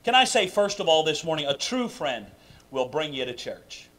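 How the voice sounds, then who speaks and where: Man, pastor, high-pitched voice, emphatic sermon, rhetorical questions, loud then quiet, live church service. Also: very animated, moderate pace. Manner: swings between loud bursts and quiet low asides.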